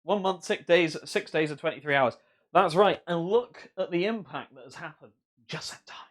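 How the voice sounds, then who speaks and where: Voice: mid-range voice, normal speed. A streamer chatting casually on a live repair stream, swearing freely and reading viewer messages aloud.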